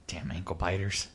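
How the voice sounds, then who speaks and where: A man's voice: low voice, husky. A man chatting casually about a movie, rambling with many fillers. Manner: rambling, full of "you know" fillers. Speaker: movie podcast co-host. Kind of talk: casual chat.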